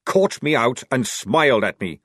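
A man voicing a gruff, scheming old army sergeant who talks loudly and indignantly. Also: medium pitch, big pitch swings, normal speed, no echo, studio quality, pitched above the performer's own voice. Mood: blustering. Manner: loud, blustering, indignant.

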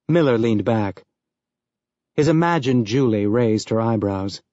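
A man reading an audiobook as narrator, in an even, measured storytelling manner. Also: on the low side, no room sound. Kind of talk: scripted narration. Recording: dull lo-fi dry recording.

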